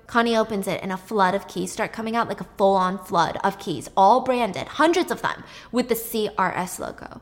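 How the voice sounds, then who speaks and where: A woman's voice: medium pitch, moderate pace, hardly any pauses. Chatty woman retelling a plot. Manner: animated, chatty, lots of "like". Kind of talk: casual storytelling retelling a film plot.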